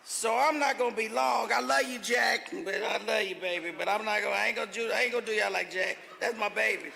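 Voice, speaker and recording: A woman's voice: mid-range voice, quick pace, vocal fry, bright, forceful tone, a little hiss or hum. A woman giving a fervent, folksy acceptance speech in a large event hall. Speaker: award honoree.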